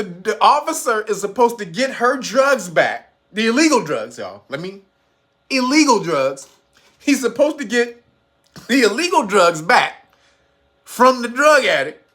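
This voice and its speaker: Bright-voiced woman in casual chat. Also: a little high, very animated, measured pace. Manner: loose, chatty, profane storytelling addressed to viewers. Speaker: commentary vlogger. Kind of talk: casual commentary.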